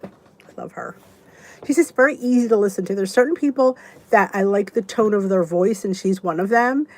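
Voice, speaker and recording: A woman's voice: medium pitch, a little fast, a little mellow. A woman in her fifties hosting a casual live chat, answering viewers by name and rambling in a chatty way with many restarts. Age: 50s. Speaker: YouTube channel host.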